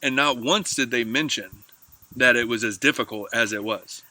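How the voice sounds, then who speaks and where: A man's voice: medium pitch, normal speed, sharp tone. A man co-hosting a podcast from a camper van, talking in an earnest, reflective way and explaining things. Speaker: podcast co-host. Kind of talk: casual chat.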